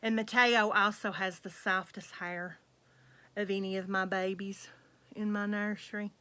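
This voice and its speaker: A middle-aged woman, chatting casually to her viewers as the host of her own channel, gushing in a soft, drawn-out way. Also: mid-range voice, flat delivery. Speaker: reborn doll collector and channel host.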